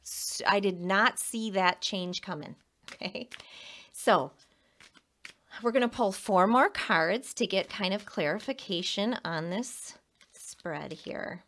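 A woman's voice: medium pitch, slow pace, a bit bright. A woman giving a casual tarot reading to the camera, emphatic and repeating herself, with a frequent "okay?". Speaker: tarot reader.

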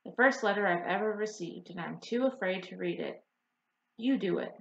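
A woman's voice: mid-range voice, normal speed, creaky, slight background noise, close to an everyday voice. A woman voicing an earnest young woman who longs to be an inventor, pleading and restless in an audiobook. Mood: anxious. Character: eager young woman, anxious dreamer wanting to invent. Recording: roomy, slightly dull audiobook recording.

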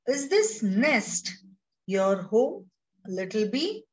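Kind storybook elephant, read by a woman with an Indian English accent, gentle, slow questions, higher voice. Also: sing-song, distant mic, exaggerated voice.

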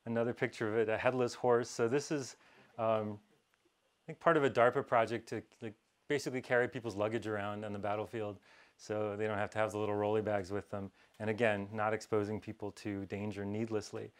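Male speaker, lowish voice, conversational conference talk, dry wit, lots of "uh" and self-corrections. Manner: wry, dry humor with frequent fillers and restarts. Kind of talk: presentation talk with slides.

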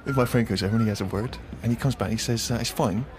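A man's voice: mid-range voice, rapid-fire, background noise. A man, co-host of a comedy podcast, telling an indignant, exasperated anecdote.

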